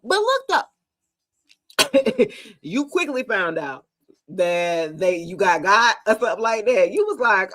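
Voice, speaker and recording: A middle-aged American woman reads tarot for viewers on a casual livestream, playful and chatty and laughing often. Her fairly high, slightly bright voice swoops wildly in pitch at a measured pace.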